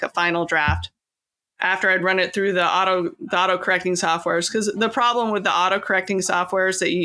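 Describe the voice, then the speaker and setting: A woman's voice: on the low side, sharp tone. A woman from California, an author and podcast guest, chatting casually and laughing often, with many fillers and restarts. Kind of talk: casual interview chat.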